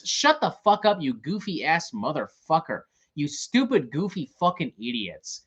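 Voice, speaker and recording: A man's voice: fairly high pitch, very animated, moderate pace, few pauses, fairly bright tone. A man hosting a show, ranting in casual talk, profane and exasperated. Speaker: host.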